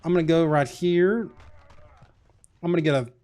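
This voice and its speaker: A man talks through a football video game in a casual commentary. His voice sits a touch high, and he mutters play calls and quick reactions as though half talking to himself. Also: a little mellow. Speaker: gaming commentator.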